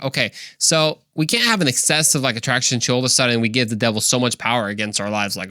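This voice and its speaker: A man's voice: mid-range voice, quick pace, sharp tone, no room sound. Young male host, rambling, eager, dry close sound. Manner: enthusiastic, rambling with fillers. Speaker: podcast host. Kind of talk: casual faith talk.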